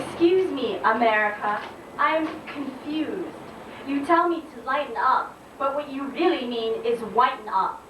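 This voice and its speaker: A woman's voice: high voice, a little slow, recorded from a distance, noisy background. A woman performing spoken word poetry live, in a rhythmic, insistent, declamatory way. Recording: echoey room, voice from afar.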